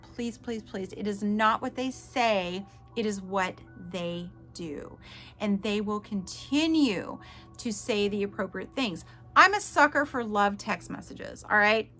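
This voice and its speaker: A woman's voice: mid-range voice, fairly bright tone. A woman in her forties telling a personal story to her viewers, earnest and emphatic, pleading at times. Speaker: vlogger sharing her story.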